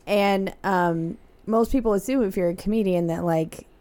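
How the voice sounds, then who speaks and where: Young comedian lady, halting and nervous-sounding, pokes fun at herself. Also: medium pitch, dark tone, clean tone. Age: young adult. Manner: hesitant, self-deprecating, halting restarts. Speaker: comedian guest. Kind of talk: casual chat.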